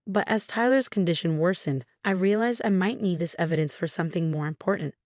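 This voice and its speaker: Calm, low-voiced young woman narrator. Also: no room sound, studio quality. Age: young adult. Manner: calm, measured storytelling. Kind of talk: scripted first-person story narration.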